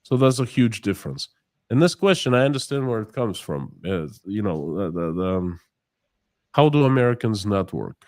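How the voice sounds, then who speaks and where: A man, his voice sitting on the low side, talks through an interview in a loose, animated way. He slips into quick voices for the people in his stories, with restarts along the way. The sound is dry and close, with little room around it. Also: no echo. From Russia. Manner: animated storyteller, acts out dialogue, many restarts. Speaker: guest. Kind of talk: casual interview chat.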